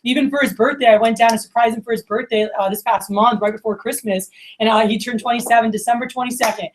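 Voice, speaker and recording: Chatty woman, fairly high voice. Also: steady tone, quick pace. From Miami. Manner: casual and chatty, lots of "like" and "you know", acts out quoted friends. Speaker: division leader giving opening remarks. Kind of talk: motivational talk to a team.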